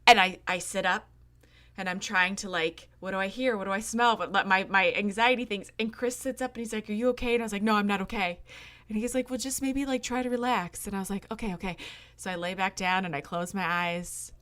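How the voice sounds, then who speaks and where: Bright-voiced woman telling a story. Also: medium pitch, fairly even intonation, fairly quick. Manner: rambling, laughs through the story. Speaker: podcast co-host. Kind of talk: casual storytelling chat.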